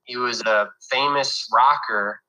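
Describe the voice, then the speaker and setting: A young man from New York talks through his career in an easygoing interview manner, his sentences looping back with fillers and restarts. His voice sounds bright and forward, sitting at an ordinary male pitch. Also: a little slow, low-quality recording. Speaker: actor guest. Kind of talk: casual interview chat.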